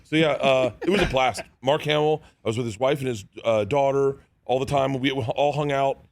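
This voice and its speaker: A comedian telling lively stories in a studio interview, laughing and acting out the other people in them. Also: male voice, mid-range voice, normal speed, dry recording. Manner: animated, laughing, acts out voices in his stories. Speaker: comedian guest. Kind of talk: casual storytelling interview.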